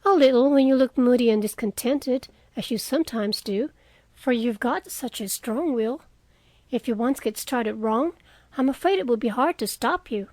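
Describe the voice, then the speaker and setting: A woman's voice: fairly high pitch, moderate pace, a little mellow, no echo, lightly acted. A woman voicing a frank, spirited young woman in an audiobook reading, earnest and outspoken.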